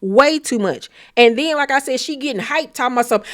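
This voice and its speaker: A woman giving a blunt, profane, animated recap of a reality show in casual commentary. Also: high voice, a little fast, hardly any pauses.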